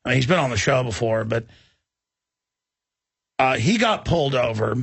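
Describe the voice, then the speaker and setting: A man's voice: medium pitch, animated, moderate pace, creaky, breathy edge, no echo. A man hosting a talk radio show, talking intensely in a rambling way with many restarts. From Texas.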